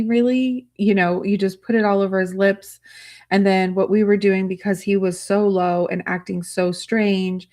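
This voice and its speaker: A woman hosts a casual livestream chat at a middle pitch. She speaks softly and emotionally, rambling, restarting her sentences and filling pauses with "um". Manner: soft, rambling, emotional, with frequent fillers. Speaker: livestream host.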